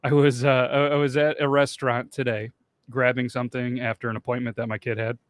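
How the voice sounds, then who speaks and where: A man's voice: mid-range voice, little pitch movement, fast, dry recording. A man from the United States co-hosting a podcast, telling rambling stories in casual chat. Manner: storytelling, rambling. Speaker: podcast co-host.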